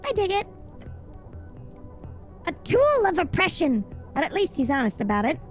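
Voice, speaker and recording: A fiery male rat voiced by a woman denounces everyone with scornful, fervent disdain. The pitch leaps around and runs high, with faint music beneath. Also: huge pitch swings, normal speed, full character voice.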